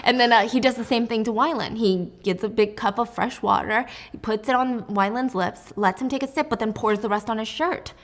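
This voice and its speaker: A young woman recapping a story in a casual, jokey and animated way. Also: a little high, a little fast, few pauses. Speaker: book recap host.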